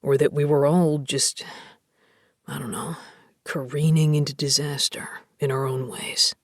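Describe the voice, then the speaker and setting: A woman voicing a tense, hurting male rock bassist in an audiobook, speaking low, hushed and halting. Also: little pitch movement, no room sound, clean studio sound. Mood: somber. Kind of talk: audiobook character voice.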